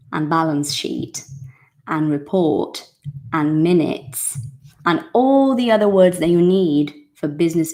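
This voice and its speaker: A woman's voice: lowish voice, a little mellow. A woman teaching an English lesson to her viewers in a casual, emphatic way, repeating key points and addressing them directly.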